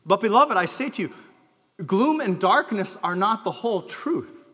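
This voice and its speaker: A male pastor delivers an earnest sermon in a church sanctuary, his fairly high voice lifting into emphatic calls and then sinking low and soft. A long hall reverb trails each phrase. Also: expressive, normal speed, slightly rough.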